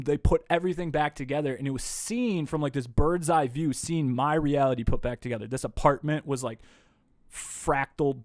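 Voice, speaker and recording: A man, a podcast guest, telling a story in a casual, animated way, swearing freely. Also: medium pitch, no echo, studio quality. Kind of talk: casual conversation. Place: indoor room.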